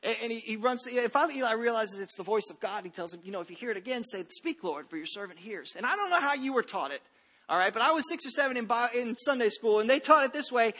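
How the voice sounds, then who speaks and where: A very high-pitched man in his thirties preaches a Sunday sermon from a church stage. His voice is bright and forceful, and he talks in a loose, conversational way, joking and restarting his sentences as he tells stories. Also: animated, fast talker. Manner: conversational, humorous storytelling with frequent restarts. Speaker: pastor.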